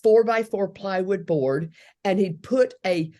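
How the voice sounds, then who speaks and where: A woman's voice: mid-range voice, measured pace. A woman in her sixties, a speech therapist, telling a long personal story in an interview, acting out the people she quotes. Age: 60s. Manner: earnest, animated storytelling with quoted voices.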